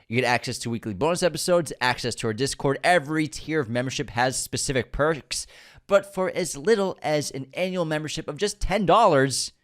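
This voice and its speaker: A man's voice: on the high side, a little fast. A man with a nasal voice, co-hosting a podcast, chatting casually and reading out the show's support plugs. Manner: relaxed banter, friendly plug delivery. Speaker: podcast co-host. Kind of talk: casual chat and read-out show promos.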